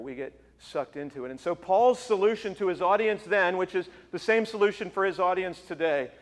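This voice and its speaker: A man preaching a sermon as pastor, emphatic, with forceful repeated phrases. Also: high-pitched, in a large hall. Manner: emphatic, rising to forceful repetition.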